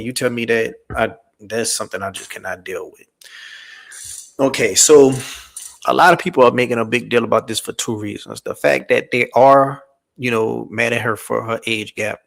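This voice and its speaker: Gravelly-voiced male commentary host. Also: medium pitch, fairly bright tone. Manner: casual, slangy, digressive. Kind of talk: reaction commentary.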